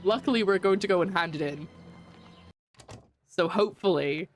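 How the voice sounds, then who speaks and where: Soft music plays behind a woman whose fairly low voice moves at a moderate pace as she streams a game. Her casual gameplay talk is chatty and giggly, with plenty of self-mockery.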